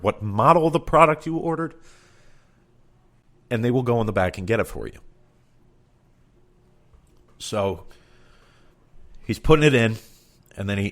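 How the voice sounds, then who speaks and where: With a fairly low, slightly bright voice, a man delivers a comedic storytelling monologue. He sounds exasperated and swears freely, acting out both sides of the conversations he describes.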